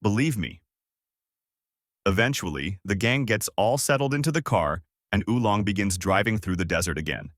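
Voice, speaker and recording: A man narrating a fan story and voicing all of its characters in an animated way. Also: on the low side, a little fast, dry recording, clean studio sound. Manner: animated, jumps between character voices.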